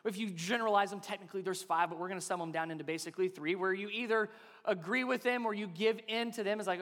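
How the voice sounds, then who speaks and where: A man's voice: high-pitched, fast, a bit bright, long reverb tail. A man in his thirties preaching a sermon as a pastor, talking conversationally and asking his listeners rhetorical questions.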